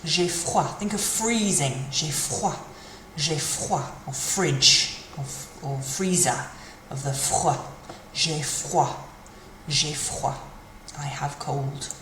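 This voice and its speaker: A woman teaching a language lesson, speaking slowly and carefully and repeating each phrase for practice. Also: low voice, a bit bright, a little hiss or hum. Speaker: French teacher. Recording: echoey room with faint ambience.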